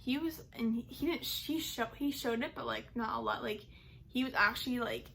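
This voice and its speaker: A woman's voice: on the high side, moderate pace, vocal fry, fairly bright tone, a little hiss or hum. A young adult woman telling a personal story to camera in a casual, rambling way, full of "like" and "um". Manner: rambling, heavy use of "like" and "um". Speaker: vlogger.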